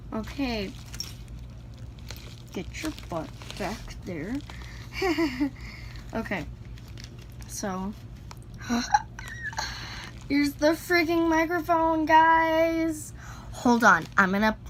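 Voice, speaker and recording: A woman vlogging casually from home as she unboxes things, excitable and exclaiming as she talks to the camera. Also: high-pitched, a little hiss or hum. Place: at home indoors, a cat nearby.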